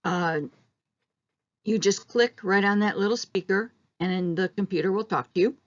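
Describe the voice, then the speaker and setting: A woman teaching an English pronunciation lesson, explaining slowly and modeling example questions aloud. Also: medium pitch, lo-fi sound.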